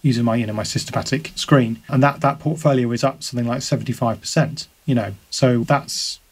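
A man talking casually and quickly as a podcast guest, often repeating words as he thinks. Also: mid-range voice, husky. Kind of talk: casual conversation.

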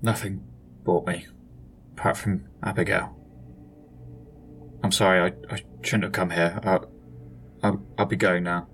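Guy doing a sad middle-aged dad, stammers a lot, lowish bright voice, subdued. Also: level tone, a little slow, pauses often, slight background noise. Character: hesitant grieving father, middle-aged man.

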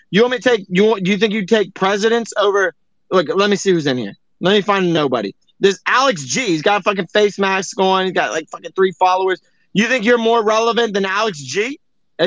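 A man's voice: high voice, fairly bright tone, no room sound. A man co-hosting an online audio chat, ranting in a profane, exasperated way over a dull lo-fi stream. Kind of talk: heated casual chat.

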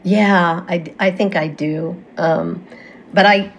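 Guest medium, woman, lower pitch, earnest and halting, some faint ambient noise. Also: steady tone. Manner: earnest, halting with fillers and restarts. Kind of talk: casual conversation, personal storytelling.

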